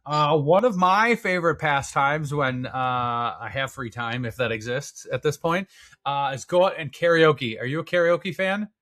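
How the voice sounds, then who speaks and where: A man from Wisconsin co-hosting a podcast, chatting in a relaxed way with fillers. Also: a little high, normal speed. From Wisconsin, USA. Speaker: podcast co-host. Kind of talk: casual podcast chat.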